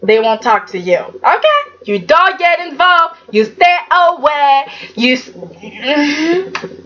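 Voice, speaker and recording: A woman recapping a soap opera in a casual vlog, sassy and animated, often breaking into laughs. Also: high-pitched, unhurried, highs cut off. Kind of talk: casual chat.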